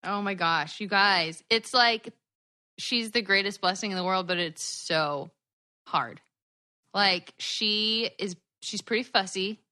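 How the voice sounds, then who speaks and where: A bright, clear-toned woman talks over a video call with headphones on, bubbly and quick to laugh. She tells her stories in an animated, chatty way, and she sounds like a worn-out new mother. Her pitch sits right in the middle for a woman. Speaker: podcast co-host. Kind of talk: casual chat.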